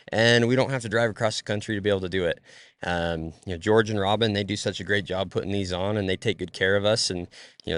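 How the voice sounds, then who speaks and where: A man who trains horses answers interview questions in a low, easygoing voice. He hesitates often, filling gaps with ums and you-knows. The sound is dry and close. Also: smooth, no echo. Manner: relaxed, hesitant, lots of fillers.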